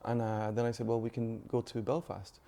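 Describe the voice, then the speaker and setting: A man's voice: medium pitch, level tone, a little fast, creaky, warm tone. A man in a documentary interview, recounting events in a plain, matter-of-fact way.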